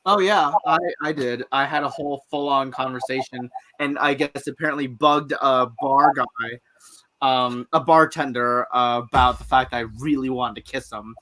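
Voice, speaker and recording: Bright-voiced playful man, co-hosting. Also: medium pitch, steady tone, moderate pace, rough recording. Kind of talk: casual chat.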